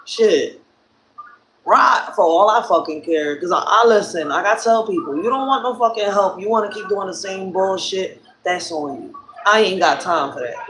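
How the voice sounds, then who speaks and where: A hoarse woman with a Philadelphia accent hosting a casual livestream, telling stories bluntly with plenty of profanity. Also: fairly low pitch, slight background noise. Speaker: live stream host. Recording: roomy echo.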